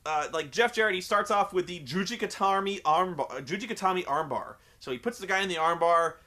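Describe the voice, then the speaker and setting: A man's voice: sits high, fairly quick, bright, forceful tone. A young man recapping a wrestling show in a sarcastic, profane, rambling comedic commentary.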